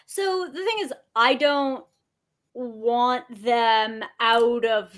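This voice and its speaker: A woman's voice: on the high side, extremely slow, a bit bright. A woman player in a tabletop game, thinking aloud with fillers in casual table talk.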